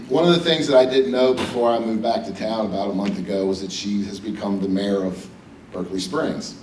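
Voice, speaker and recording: A man's voice: on the low side, fairly even intonation, fairly quick, darkish tone, distant mic, a little hiss or hum. A middle-aged man from West Virginia giving a personal, joking hall of fame acceptance speech at a podium. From West Virginia, USA. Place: banquet hall with audience. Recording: echoey hall, speaker a bit off mic.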